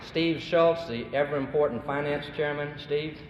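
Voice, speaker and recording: A man's voice: on the high side, fairly even intonation. A young man serving as student body president, formally introducing committee members and guests at a symposium. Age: young adult. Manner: formal, ceremonious, brisk. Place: large hall at a symposium. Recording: echoey hall on a dull, noisy old recording.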